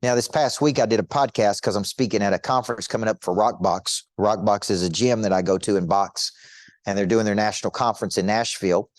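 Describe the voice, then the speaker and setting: A man's voice: lowish voice, a little fast, no room sound, studio quality. A middle-aged man coaching an audience in a motivational teaching talk, emphatic and repetitive, firing rhetorical questions at listeners.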